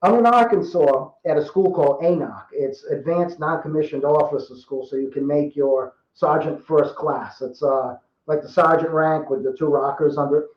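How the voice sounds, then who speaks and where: A man in his fifties from Rhode Island tells stories in a loose, rambling way, often circling back and restarting his sentences. His voice sits a bit high for a man. The recording is roomy and somewhat dull. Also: moderate pace, few pauses. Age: 50s. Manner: rambling, chatty, repeats and restarts. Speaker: podcast guest. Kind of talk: casual storytelling.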